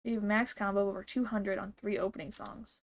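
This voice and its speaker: A woman streamer giving casual gameplay commentary, excitable and often confused. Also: medium pitch, fast talker. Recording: noisy stream audio.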